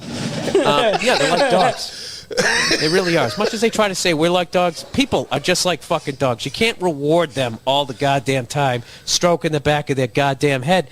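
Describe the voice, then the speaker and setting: A man's voice: on the high side, fairly bright tone. A man doing a crude, swaggering comedic rant as a solo podcast host, swearing freely and laughing at his own jokes.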